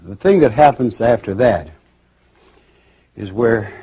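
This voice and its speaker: Husky, animated male storyteller. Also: on the low side, takes it slowly. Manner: storytelling, animated, with voiced characters. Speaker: lecturer. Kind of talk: spoken lecture with acted dialogue.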